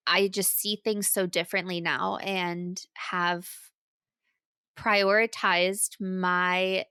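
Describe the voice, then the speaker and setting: A woman co-hosting a casual spiritual podcast, congested from a cold, talking slowly and reflectively. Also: fairly low pitch, level tone, sharp tone, clear, resonant tone, no room sound, clean studio sound. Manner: slow and reflective, laughs often. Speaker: podcast co-host.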